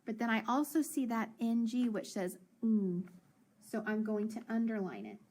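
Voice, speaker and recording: A woman teaching a phonics lesson to children, sounding out letters and words slowly and clearly. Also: a little high, a little mellow, a little hiss or hum.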